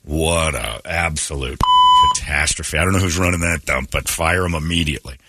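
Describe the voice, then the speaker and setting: A man hosting a morning radio show, chatting casually and ranting in a mocking, animated way, often laughing. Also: very deep voice, normal speed, heavy background noise. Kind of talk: casual on-air banter.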